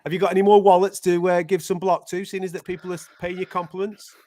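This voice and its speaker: A man's voice: high voice, little pitch movement, fast talker, mellow, no room sound, studio quality. A man with a Mancunian accent hosting a live show, talking in casual, laddish banter. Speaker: host.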